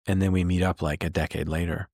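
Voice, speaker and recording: A middle-aged man hosting a candid conversation, animated and acting out the lines he quotes. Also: deep voice, quick pace, creaky, no echo, studio quality. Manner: animated, acts out quoted dialogue. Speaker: host and business coach.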